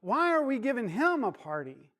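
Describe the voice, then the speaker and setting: A man's voice: very high-pitched, very animated, moderate pace, fairly bright tone, voice pushed up, heavily acted. A man voicing a resentful older son in a retold parable, complaining indignantly.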